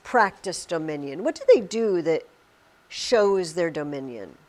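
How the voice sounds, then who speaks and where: A woman teaching a literature class, her pitch rising and falling a lot as she talks. She questions her students as she goes. The voice is recorded in a classroom. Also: animated, a little slow, a little mellow.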